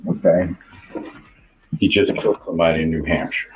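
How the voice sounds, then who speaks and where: A man's voice: low-pitched, fairly even intonation, fairly quick. A middle-aged man in an interview clip from a show, recounting events in a plainspoken, matter-of-fact way. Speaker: interviewee, stepfather. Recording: dull, slightly noisy interview audio.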